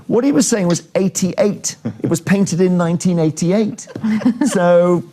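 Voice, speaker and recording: A man hosts a television panel discussion, chatting and joking as he steers the talk. His voice sits a little higher than most men's. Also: animated, unhurried, dark tone, slight background noise. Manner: chatty, jokey, leads the discussion. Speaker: TV talk show host. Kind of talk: casual panel chat.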